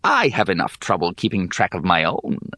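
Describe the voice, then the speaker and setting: A man's voice: sits low, huge pitch swings, moderate pace, pushed and bright, no echo, studio quality, exaggerated voice. A man voicing an ancient bald hag who gambles on everything, talking in a lazy, sly drawl.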